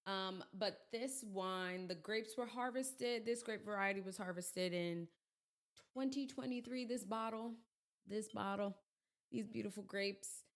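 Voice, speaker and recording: A woman hosting a podcast in casual chat, her voice crackly and hoarse as she gets over being sick, talking in chatty, self-deprecating asides. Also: medium pitch, unhurried. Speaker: podcast host.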